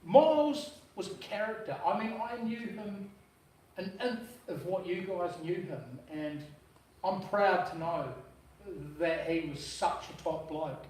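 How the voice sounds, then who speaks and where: A man with a high voice delivers a casual, blunt eulogy, full of slang and the odd swear word. He sounds distant from the mic in a very echoey room. A faint hum of the room sits behind him. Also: slow, a little mellow. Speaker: brother-in-law giving a eulogy. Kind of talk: informal eulogy at a memorial service. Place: memorial service venue.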